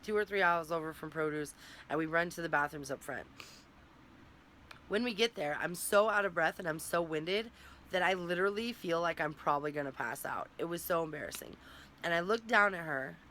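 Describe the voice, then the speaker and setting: A woman's voice: lowish voice, a bit bright. Candid young woman vlogging, faint hiss. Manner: candid, rambling, tearful at times. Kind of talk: emotional personal vlog.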